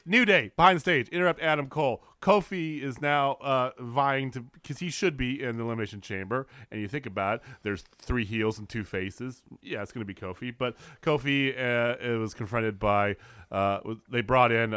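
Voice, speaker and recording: A man co-hosting a casual wrestling podcast, animated and joking, with frequent swearing. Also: mid-range voice, brisk, clear, resonant tone, no room sound. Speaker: podcast co-host.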